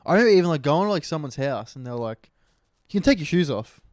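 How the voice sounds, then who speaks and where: A man's voice: a little high, quick pace, no room sound, clean studio sound. A young man, co-hosting a casual podcast and telling stories with a lot of energy. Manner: animated storytelling with put-on doctor voice. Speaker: podcast co-host. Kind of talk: casual chat.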